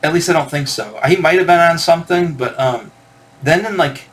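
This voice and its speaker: A man's voice: a little high, moderate pace, fairly bright tone. A man hosting a record collector channel, telling a rambling, digressive story in casual chat to camera.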